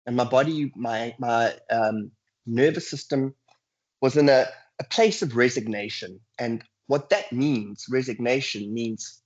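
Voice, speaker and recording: Husky man giving a webinar lecture. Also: medium pitch, a little slow. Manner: earnest, acts out inner voices with sighs. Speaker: guest lecturer. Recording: dull, lo-fi video call audio.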